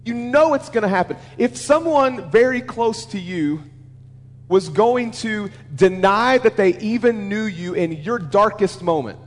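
Man, pastor, conversational sermon, asks the congregation questions, high-pitched, echoing sanctuary. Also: expressive, measured pace. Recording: long reverb of a large hall.

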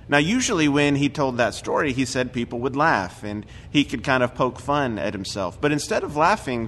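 A man's voice: medium pitch, a bit bright, a little hiss or hum. A man preaching a conversational sermon in a church, talking casually with frequent fillers. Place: church sanctuary. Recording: recorded church sermon with hall reverb.

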